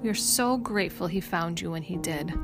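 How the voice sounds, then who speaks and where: A woman voicing a kind female doctor who speaks softly and soothingly, calling her patient dear and honey, in a story read over music. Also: fairly low pitch, brisk, natural voice. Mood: gently reassuring. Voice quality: soft, gentle. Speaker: hospital doctor. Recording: music playing underneath.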